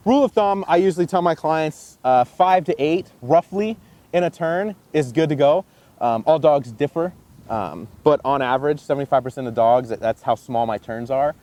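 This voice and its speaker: A man teaching dog training, explaining casually and jumping into a high excited voice when he demonstrates praise. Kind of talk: instructional demonstration.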